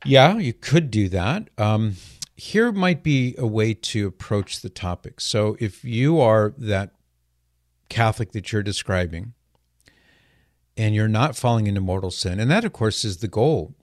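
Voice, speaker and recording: A man with a fairly low voice hosts a call-in radio show from a studio microphone. He explains things patiently and earnestly. The sound is dry and close. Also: expressive, a little slow, no echo.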